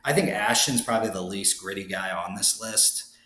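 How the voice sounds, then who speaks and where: A man's voice: lowish voice, moderate pace, pushed and bright. A young man hosting a fantasy league recap, talking in a casual, rambling way with lots of fillers and wry asides. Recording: echoey room.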